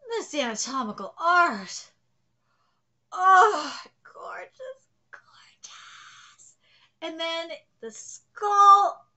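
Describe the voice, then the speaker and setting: A woman's voice: very high voice, sing-song, extremely slow, pushed and bright. A woman hosting a live manga reaction, gushing and exclamatory and swearing freely as she comments.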